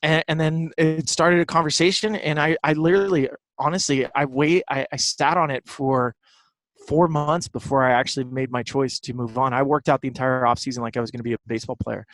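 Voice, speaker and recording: Animated man telling stories as a guest. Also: mid-range voice, a little fast, no room sound. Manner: animated storyteller, repeats words. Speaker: guest, baseball broadcaster. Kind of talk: casual interview chat.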